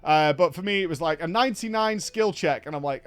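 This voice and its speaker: A man hosting a casual game recap, telling the story with animated energy and acting out lines in other voices. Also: a little high, a little fast, hardly any pauses, clean tone. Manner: animated storyteller who acts out quoted lines. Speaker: host.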